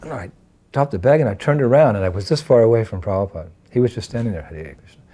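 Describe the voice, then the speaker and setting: A man in his sixties telling a personal story in an animated way, acting out the dialogue as he goes. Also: mid-range voice, quick pace, breathy edge. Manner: animated storyteller who acts out dialogue and laughs at himself. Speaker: devotee sharing memories of his teacher.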